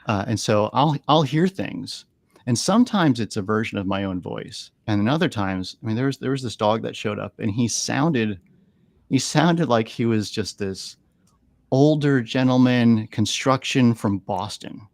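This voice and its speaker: He's an animal communicator visiting a podcast studio, earnestly recounting stories and repeating words as he works out what to say. His mid-range voice is expressive and gravelly, paced in a measured way, with no room sound.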